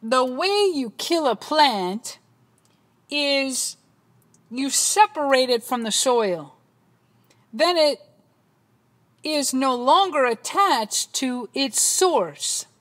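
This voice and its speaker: A woman preaching a dramatic sermon that swings between hushed passages and loud ones. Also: high-pitched, lively intonation, extremely slow, pauses often.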